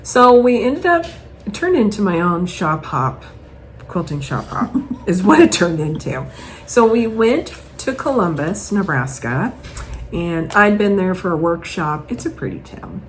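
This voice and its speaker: A woman chatting casually at home as host, showing off her purchases in a rambling, animated way. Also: on the low side, measured pace, a little hiss or hum, low-quality recording.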